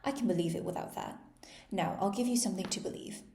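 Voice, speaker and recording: Muddled old queen, read by a woman: fussy, excitable, mellow tone. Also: fast, echoey room, slight background noise, natural voice. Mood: decisive. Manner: fussy, excitable, rising into a squeak. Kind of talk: storybook read-aloud.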